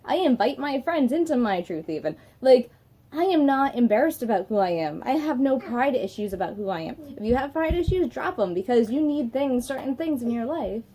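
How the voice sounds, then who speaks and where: A young mother talks casually into her camera at home, with a voice that sits a little high. She airs her frustrations bluntly. When she turns to her little girl, her tone goes soft and coaxing. A faint hiss runs under the recording. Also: lively intonation, a little fast. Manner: venting frankly, switching to a sweet coaxing tone with her child. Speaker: mother vlogging her day. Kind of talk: casual home vlog chat. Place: family home, indoors.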